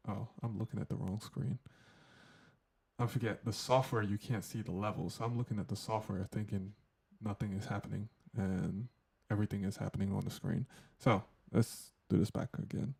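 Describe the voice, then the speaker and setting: A man's voice: on the low side, normal speed, gravelly, warm tone, slightly rough. A man hosting a casual hands-on audio tutorial, joking loosely and talking through settings as he tests them. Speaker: tech tutorial host.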